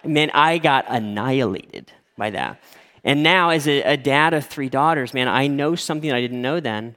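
Animated storytelling man in a big hall. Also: medium pitch. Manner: animated storytelling, acting out quoted voices. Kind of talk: sermon story. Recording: long hall reverb.

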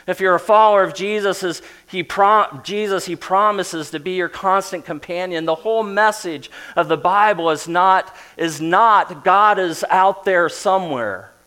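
Middle-aged male pastor, slightly high voice, earnest sermon delivery, hushed lows and emphatic peaks. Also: moderate pace, hardly any pauses, smooth. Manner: earnest preaching with sudden drops to a soft voice and emphatic bursts.

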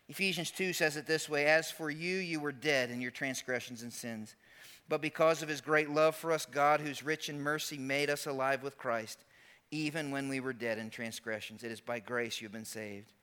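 A man preaching a sermon as pastor, asking rhetorical questions, swinging between hushed and emphatic delivery. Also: medium pitch, fairly even intonation, clean tone. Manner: dynamic preaching with rhetorical questions and dramatic pauses.

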